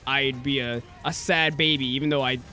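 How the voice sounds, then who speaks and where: A man's voice: medium pitch, fairly even intonation, moderate pace, bright, forceful tone, soft background music. A young man streaming a game, ranting casually and swearing a lot as he acts out what people said to him. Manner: ranting, profane, mimics people he quotes. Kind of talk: casual rant while streaming.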